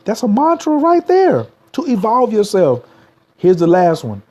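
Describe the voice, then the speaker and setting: A man's voice: sits high, huge pitch swings, unhurried, warm tone. A man, giving a motivational livestream talk as a spiritual coach, repeating slogans and urging viewers to type them.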